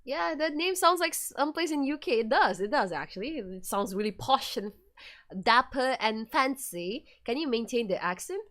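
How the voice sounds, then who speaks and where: Bubbly high-voiced woman streamer. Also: expressive, a little fast, few pauses, fairly bright tone. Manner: playful, chatty asides, giggles, tries a British accent. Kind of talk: reading a horror visual novel aloud with commentary.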